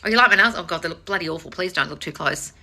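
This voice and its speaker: Blunt, sweary woman coach, bright voice. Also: on the low side, rapid-fire. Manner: blunt and sweary, with frequent mocking put-on voices; animated, teasing, talks straight to viewers. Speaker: manifestation coach hosting a live Q&A. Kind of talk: live stream answering viewer comments.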